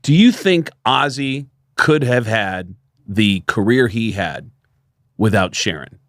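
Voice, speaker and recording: Male co-host, slow and very expressive delivery, asks the guests questions. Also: on the low side, dry recording, studio quality. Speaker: podcast co-host. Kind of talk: casual chat.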